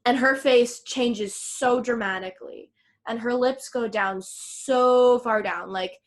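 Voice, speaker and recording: A woman co-hosting a casual podcast, retelling a film and acting out its lines with animated swings in her voice. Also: fairly high pitch, slow pace. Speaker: podcast co-host.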